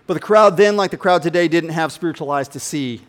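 A male pastor preaching a sermon emphatically, swinging between loud declarations and hushed asides and speaking directly to his listeners. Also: on the high side, brisk.

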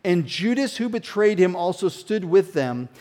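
Animated preaching man, fairly high voice. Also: moderate pace. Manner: conversational, animated preaching with sudden drops to hushed emphasis. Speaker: pastor. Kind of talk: sermon.

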